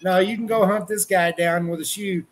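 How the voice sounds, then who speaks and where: A man's voice: high-pitched, fairly even intonation, moderate pace, a little hiss or hum. A middle-aged man from Colorado, a wrestling journalist, chatting on a podcast in a rambling, folksy, profane way. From Colorado, USA. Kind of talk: casual podcast chat.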